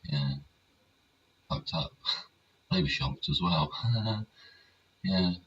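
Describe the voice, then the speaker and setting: A man's voice: deep voice, lively intonation, extremely slow. An older English man hosting his own show in a rambling casual monologue, swearing freely and checking for agreement. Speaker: host. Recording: distant mic, dull sound, faint hiss.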